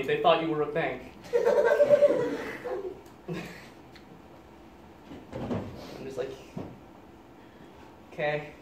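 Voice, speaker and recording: A young man improvising an absurd story out loud, deadpan and halting, often cracking up at his own lines. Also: on the high side. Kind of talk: rambling improvised comic story. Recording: echoey room, distant mic, loud noise.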